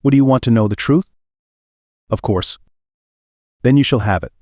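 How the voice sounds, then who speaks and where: A fussy, exacting male detective, probing with intent questions and muttering as he thinks, read by a man. The voice sits at a middling pitch. It is close and dry. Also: moderate pace, warm tone, no room sound, lightly acted.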